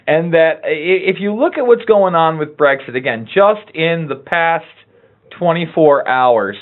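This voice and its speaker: A man's voice: a little high, expressive, measured pace. A man co-hosting a political commentary show, speaking in a heated, emphatic way. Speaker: co-host. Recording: tinny phone-like line.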